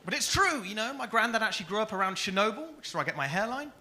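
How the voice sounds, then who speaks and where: A man doing a stand-up routine on a comedy club stage with a handheld mic, delivering deadpan one-liners. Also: high-pitched, rapid-fire, background noise. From Stoke-on-Trent area, England.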